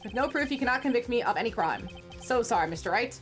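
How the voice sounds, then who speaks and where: A woman reading aloud as a haughty, vengeful older male prosecutor from a courtroom video game, sneering and then exploding into shouts. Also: on the high side, expressive, fast, soft background music, lightly acted. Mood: mocking.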